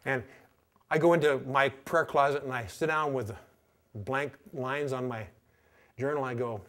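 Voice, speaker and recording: A man teaching a Christian class, talking in a relaxed, conversational way and reading his own journal entries aloud with pauses. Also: mid-range voice. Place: teaching session at a training institute.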